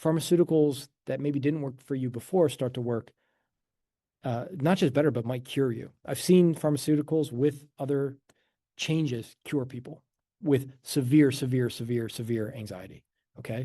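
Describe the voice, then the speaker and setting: A man's voice: mid-range voice, moderate pace, mellow, dry recording, clean studio sound. A man leading an informal talk on a self-help method for an online audience, loose and conversational, with frequent asides and chuckles. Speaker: host and teacher of a letting-go method.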